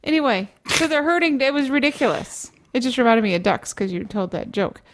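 A woman's voice: on the high side, brisk, a little hiss or hum. A woman co-hosting a radio show, telling stories with lots of giggling. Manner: giggly, animated storyteller. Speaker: radio co-host. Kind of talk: casual banter.

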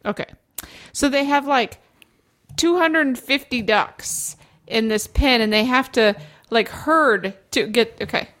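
A woman co-hosting a radio show trades casual banter, telling stories in an animated way and giggling a lot. Her voice is a little high and her pace slow.

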